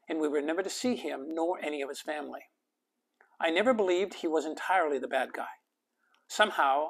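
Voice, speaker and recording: A man from Canada reading his own memoir aloud, soft and intimate, sometimes dropping to a whisper. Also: a little high. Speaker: author and life coach.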